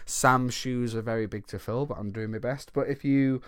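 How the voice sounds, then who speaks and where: A man talking as a podcast guest in a flat, monotone way. His voice sits mid-range and sounds dry and close, with no room around it. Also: mid-range voice, normal speed, smooth, no room sound. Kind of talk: casual chat.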